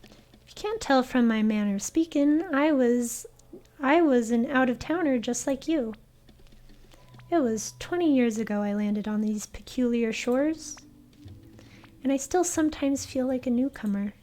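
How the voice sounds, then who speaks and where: A woman's voice: high-pitched, measured pace, dark tone. A woman voicing a friendly, folksy man who settled on an island long ago, in a game read-through. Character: friendly middle-aged male islander, folksy newcomer.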